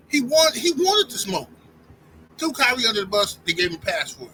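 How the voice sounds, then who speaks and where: A man's voice: very high-pitched, big pitch swings, a little fast, pushed and bright, slight background noise, rough recording. A man giving an opinionated sports rant to his channel's viewers, heated and talking straight at them. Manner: heated, addresses viewers directly as y'all. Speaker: sports commentary YouTuber.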